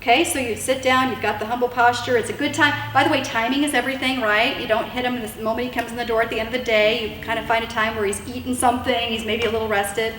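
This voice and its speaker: A woman's voice: on the high side, steady tone, fast talker, few pauses, fairly bright tone. A woman giving casual, earnest marriage advice to wives, with lots of fillers and restarts. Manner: chatty and earnest, many fillers and repeated words. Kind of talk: casual instructional talk. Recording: echoey room, mic at a distance, faint hiss.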